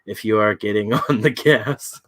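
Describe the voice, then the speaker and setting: A man co-hosting a casual late-night chat, drunk and high, who keeps breaking into giggles while he talks. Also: unhurried, noisy background. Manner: giggly, laughing through his words. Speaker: podcast co-host.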